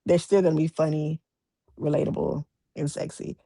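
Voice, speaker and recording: Woman novelist guest, animated storyteller, husky tone, dry recording. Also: deep voice, moderate pace, dry recording. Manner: animated, acts out quoted voices, many restarts. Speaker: romance author guest. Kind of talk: casual interview storytelling.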